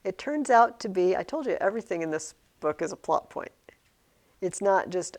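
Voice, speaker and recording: A woman teaching a high school literature class, asking questions and acting out lines from the book. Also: normal speed. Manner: animated, asks questions, acts out quotes.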